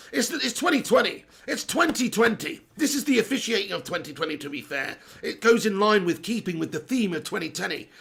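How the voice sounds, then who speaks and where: A man's voice: high-pitched, vocal fry, pushed and bright, husky. A young man hosting a live football watch-along, ranting in exasperation and repeating himself, his voice strained and sore.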